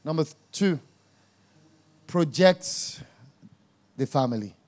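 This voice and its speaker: A man preaching a sermon, emphatic and jabbing, dropping to quiet asides and rising to loud exclamations. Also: on the high side, animated, takes it slowly.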